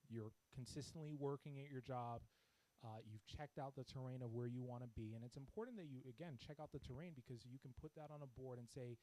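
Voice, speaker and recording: Over poor audio, a man with a mellow, mid-range voice speaks quickly to a congregation at a church seminar. His practical talk on finances is conversational, and he frequently checks in with the audience.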